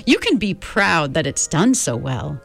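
A gentle, grandmotherly being, read by a woman, soothing the children with endearments. Her lively but low voice carries a calm, firm kindness in this storybook telling. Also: a little slow, gravelly, husky, faint music behind, heavily acted. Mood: comforting. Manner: soothing, endearing, calls listeners dear. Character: kindly old female being, comforting, grandmotherly.

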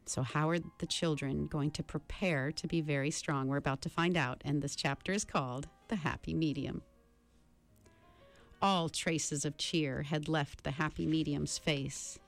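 A woman reading a novel aloud slowly and expressively. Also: sits low, faint music behind. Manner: slow, expressive storybook reading. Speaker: reader.

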